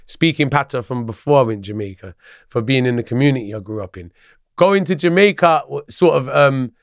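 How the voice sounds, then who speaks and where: A man chatting as a podcast guest, animated, laughing often and restarting his sentences. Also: medium pitch, brisk, dry recording. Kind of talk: casual chat.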